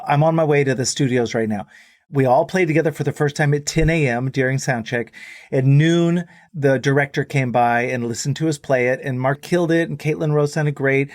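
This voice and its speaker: A man's voice: mid-range voice, no echo. Dry-sounding middle-aged man telling a story. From Texas. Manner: rambling, animated storyteller who acts out quotes. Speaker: guest musician. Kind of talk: casual anecdote on a podcast.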